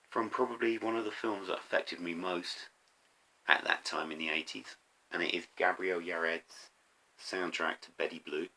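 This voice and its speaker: A middle-aged man talking casually to camera about his favourite records, eager but halting, with many pauses and ums. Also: rumbling low, vocal fry, bright, forceful tone, slightly rough. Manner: enthusiastic, halting with frequent ums. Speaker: vinyl record collector vlogger.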